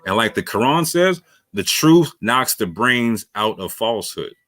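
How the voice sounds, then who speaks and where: A man's voice: medium pitch, big pitch swings, a little slow, a bit bright. A man giving a heated, slangy video response, repeating himself for emphasis. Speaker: online commentator. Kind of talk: casual video rant.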